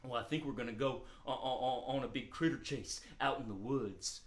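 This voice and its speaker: An eager hound dog puppet, as a man puts him on for a children's show, with a deeper voice than the performer's own and a halting, stammering way of talking that trips over its words. He sounds friendly and easily worked up, and the room around him rings with echo. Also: close to an everyday voice. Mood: mellow.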